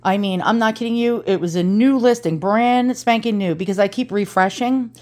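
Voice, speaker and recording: An antiques reseller with an East Coast American accent hosts a casual unboxing vlog, chatty and dramatic, swearing freely. Her voice is medium in pitch with a darkish tone, at a moderate pace.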